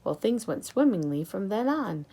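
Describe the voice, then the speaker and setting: Woman narrating a children's book, expressive, lively pitch, gravelly, husky. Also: moderate pace. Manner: expressive storytelling. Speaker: audiobook reader.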